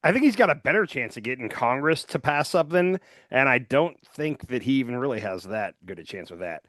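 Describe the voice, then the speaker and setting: A man's voice: mid-range voice, expressive, a little fast, a bit bright, no echo, studio quality. Rambling man in casual political chat. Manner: loose and rambling, heavy on "like" and "um". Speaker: podcast co-host.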